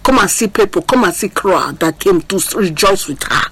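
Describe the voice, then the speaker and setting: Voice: mid-range voice, lively intonation, normal speed, a bit bright, slight background noise, low-quality recording. A preacher gives a sermon, repeating refrains in a sing-song, impassioned way and asking the listeners whether they are hearing. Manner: asks the audience to listen.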